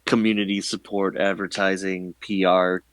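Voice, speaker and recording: A man in casual livestream chat, lively, laughing easily and wandering off on tangents. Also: sits low, moderate pace, a little hiss or hum, poor audio. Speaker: co-host.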